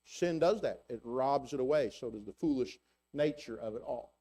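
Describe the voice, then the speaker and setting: An older man giving a sermon in church in a conversational, halting way, with many fillers and restarts, rising for rhetorical questions. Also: warm tone. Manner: rises in pitch for rhetorical questions. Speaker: preacher.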